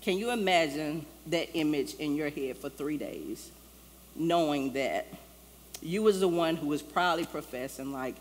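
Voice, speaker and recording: A woman pastor speaks a bit slowly in a low voice, her sermon loose and chatty, and she plays out each line she quotes. Long church-hall reverb and faint ambience fill the sanctuary recording.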